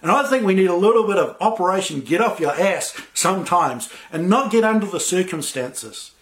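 A man's voice: sits high, expressive, normal speed. A man preaching a sermon as pastor, talking conversationally with many fillers and restarts.

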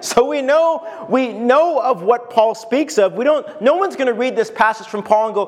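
Animated pastor with a lively high voice. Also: male voice, normal speed, in a large hall. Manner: animated, laughing, acts out voices. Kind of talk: conversational sermon.

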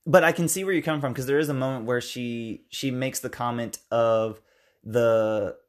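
American podcast co-host, middle pitch, loose rambling film chat. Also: male voice, steady tone, normal speed. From United States. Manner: rambling, self-correcting, acts out film lines. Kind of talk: casual film review chat.

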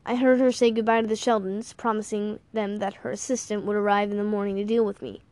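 A woman's voice: medium pitch, flat delivery, quick pace, a little mellow, no room sound. A woman narrating a first-person audiobook in a wry, playful storytelling manner.

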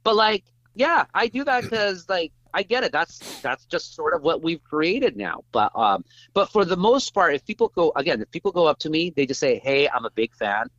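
A man with a fairly high, animated voice, guesting on a casual interview. He is self-mocking and tells stories, voicing other people in quick bits. The sound is dry and a little dull and lo-fi. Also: no room sound. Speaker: journalist guest.

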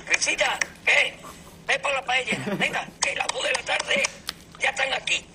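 Excited high-pitched man shouting. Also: fairly quick, background noise. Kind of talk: viral clip played from archive.

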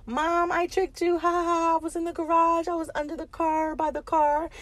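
A woman's voice: very high voice, flat delivery, normal speed, pitched above the performer's own voice. A woman voicing her playful young daughter, who teases and giggles after a prank. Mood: teasing. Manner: teasing, gleeful.

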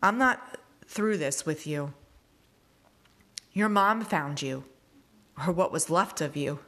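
Woman reader as stern grieving teen, pointed questions, lower pitch. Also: expressive, slow pace, a bit bright, heavily acted. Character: grieving teenage classmate, relentless and stern. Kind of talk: reading a novel aloud.

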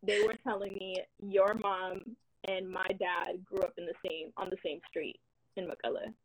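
A woman's voice: medium pitch, flat delivery, moderate pace, no echo, rough recording. A young woman from the United States hosting a casual live-stream chat, telling a story with many "like"s and "um"s. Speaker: host.

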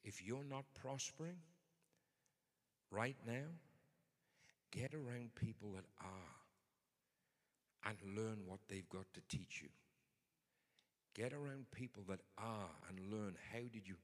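A man's voice: lowish voice, normal speed, long pauses, in a large hall. A man preaching a sermon in a conversational but emphatic way. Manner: conversational, emphatic, builds to forceful points.

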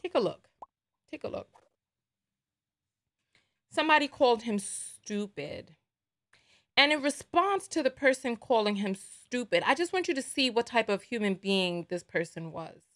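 A woman's voice: fairly high pitch, expressive, measured pace, pauses often. A woman hosting a livestream, giving emphatic commentary with repeated rhetorical asides. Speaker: livestream host.

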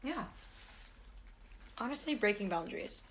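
A woman with a bright, slightly high voice and lively pitch chats over a meal on a podcast. She teases and giggles easily, and a faint hum of room noise sits behind her. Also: a little slow. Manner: giggly, teasing. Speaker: podcast co-host. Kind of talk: casual chat while eating.

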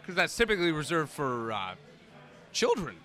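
A man's voice: on the high side, wildly swooping pitch, normal speed, sharp tone. A man and comedian chatting on a podcast, telling rambling stories with restarts and laughs. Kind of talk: casual chat, storytelling.

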